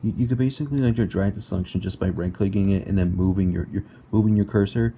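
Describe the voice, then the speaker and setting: A young man talks through a home tutorial in a halting, stumbling way, repeating words and leaning on fillers. His voice sits a little low and sounds mellow and relaxed. Faint background noise hums under the laptop mic. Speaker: tutorial maker. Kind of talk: casual screen-recorded tutorial.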